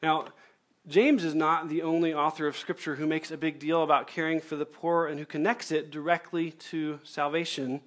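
Guy preaching, fairly high voice, leans hard on key words, repeats them. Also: level tone, moderate pace. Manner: emphatic, repeats key phrases. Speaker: pastor. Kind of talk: sermon.

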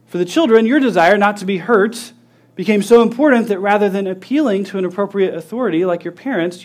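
A man preaching a sermon, teaching earnestly with rhetorical questions and acting out everyday scenes. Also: high voice. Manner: acts out scenes with lively voices.

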